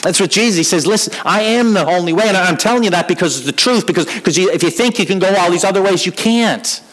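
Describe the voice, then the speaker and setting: A man's voice: high-pitched, lively intonation, quick pace, a bit bright, poor audio. Earnest man preaching, repeating words. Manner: earnest, repeats words when building a point. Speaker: pastor. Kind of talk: sermon.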